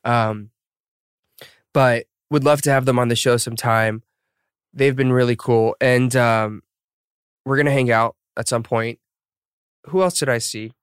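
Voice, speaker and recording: A man's voice: mid-range voice, fairly even intonation, a little slow, long pauses, clean tone, no echo, studio quality. A man in his thirties hosting a podcast in casual chat, rambling with lots of fillers and laughing at himself. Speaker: podcast host.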